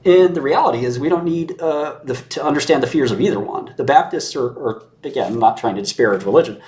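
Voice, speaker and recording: Fast and darkish in tone, this man's mid-range voice carries sarcastic, opinionated remarks in a casual conversation. He chuckles mid-sentence and mocks others by imitating their voices.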